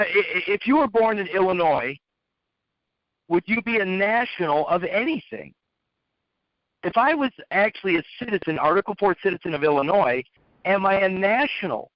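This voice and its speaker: A man's voice: sits high, no echo. A man giving a lecturing monologue, posing rhetorical questions and repeating his phrases for emphasis. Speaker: speaker. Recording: dull, dry lo-fi recording.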